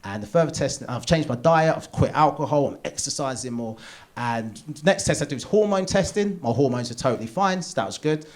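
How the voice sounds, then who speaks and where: Animated stand-up comic man, lively pitch. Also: a little fast. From England. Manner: animated storytelling, acts out doctor and himself in quotes. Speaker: stand-up comedian. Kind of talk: stand-up comedy routine. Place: theatre stage before a live audience.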